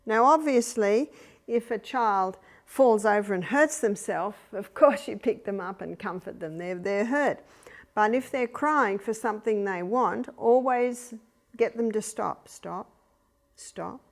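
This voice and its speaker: An older woman with an Australian accent, giving a lecture on raising children, telling anecdotes with chuckles and softly acting out gentle commands. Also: mid-range voice, measured pace. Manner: anecdotal, chuckling, acts out quiet commands to babies. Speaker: speaker on child rearing. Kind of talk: lecture to an audience.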